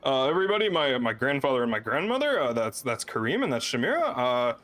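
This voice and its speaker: A man's voice: medium pitch, very animated, quick pace, fairly bright tone. A man voicing a chatty young male baker and salesman who rambles on cheerfully, full of fillers.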